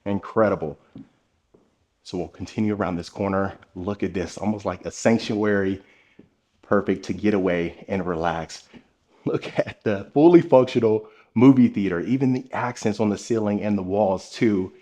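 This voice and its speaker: A man's voice: fairly low pitch, normal speed, mellow. Upbeat man narrating a house tour. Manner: upbeat, enthusiastic, addresses viewers directly. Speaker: home tour host. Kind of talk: narrated home tour vlog.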